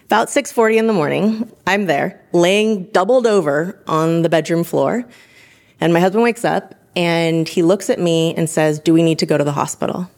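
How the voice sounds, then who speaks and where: A woman in her thirties, an emergency room provider, telling her own story in an interview, lively and animated. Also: lowish voice, moderate pace. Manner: lively, animated retelling with laughs and acted-out quotes. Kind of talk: personal story told in interview.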